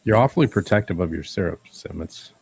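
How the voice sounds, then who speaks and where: A man's voice: low voice, fairly quick, creaky, slightly rough, dry recording. A man chatting with friends in a wry, teasing way. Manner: wry, teasing, lively intonation. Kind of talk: casual chat among friends.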